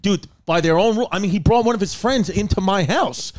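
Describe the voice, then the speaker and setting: A man's voice: high voice, a little fast, slight background noise. A man hosting a casual comedy podcast from his house. He tells long, rambling stories, swears freely and acts out the people in them. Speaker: podcast host.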